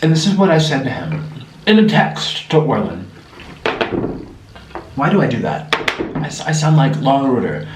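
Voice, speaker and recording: A man's voice: on the high side, moderate pace, long pauses, background noise. A young man chatting animatedly while eating on camera, telling stories between bites. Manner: chatty, animated storytelling with food in mouth. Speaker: mukbang vlogger. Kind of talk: casual chat while eating. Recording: echoey room, mic somewhat far.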